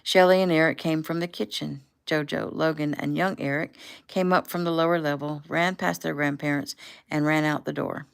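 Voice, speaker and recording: A woman author casually reading her own novel aloud, relaxed and unpolished, now and then correcting herself. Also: sits low, normal speed, gravelly, clear, resonant tone. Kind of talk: casual audiobook narration.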